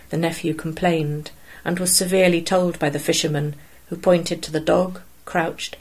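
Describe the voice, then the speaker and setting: Woman, storybook narration, husky, lowish voice, measured. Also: low-quality recording. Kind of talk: reading a story aloud.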